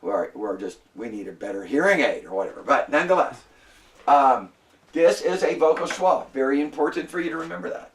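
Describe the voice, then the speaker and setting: A man's voice: medium pitch, animated, a little fast, recorded from a distance, slight background noise. A man lecturing a classroom as a Hebrew instructor, patient and repetitive, often prompting the students to answer.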